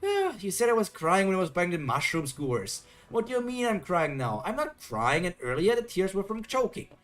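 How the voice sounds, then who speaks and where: A man's voice: high-pitched, wildly swooping pitch, normal speed, fairly bright tone, soft background music, voice pushed up, exaggerated voice. A man reading aloud as a feisty sixteen-year-old girl, protesting indignantly. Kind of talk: reading comic dialogue aloud.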